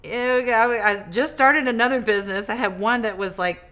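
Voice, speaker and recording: A woman guest in a casual interview, telling her story in a lively way, acting out quoted dialogue and often restarting her words. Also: on the high side, fairly quick. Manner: animated, acts out quoted dialogue. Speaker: interview guest, business owner.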